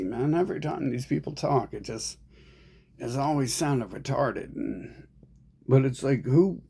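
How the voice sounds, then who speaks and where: Gravelly, husky man ranting profanely. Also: medium pitch, a little mellow. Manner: profane, agitated, rambling. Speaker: online commentator. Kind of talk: rambling ranting monologue.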